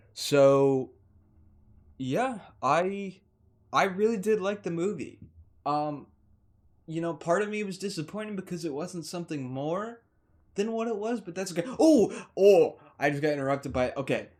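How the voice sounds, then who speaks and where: A man giving a casual, rambling movie review indoors, gushing with excitement and cutting off his own sentences to restart them. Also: fairly high pitch, normal speed. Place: indoors, warm room.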